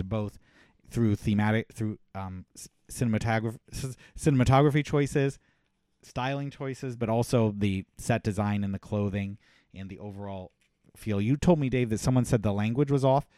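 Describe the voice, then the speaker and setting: A man's voice: lowish voice, moderate pace, dark tone, dry recording, studio quality. A man co-hosting a podcast, giving enthusiastic, emphatic opinions on a film, his voice a little worn. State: voice slightly worn. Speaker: podcast co-host. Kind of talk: casual film discussion.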